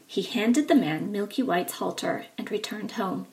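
A woman reading a traditional fairy tale aloud for children, expressive and sing-song in her telling. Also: mid-range voice, normal speed, gravelly. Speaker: storyteller.

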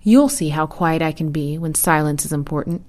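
A woman voicing a talkative, proud male turtle who speaks loudly and indignantly. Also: deep voice, normal speed, close to an everyday voice. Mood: boastful, pleading. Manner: loud, pleading and proud.

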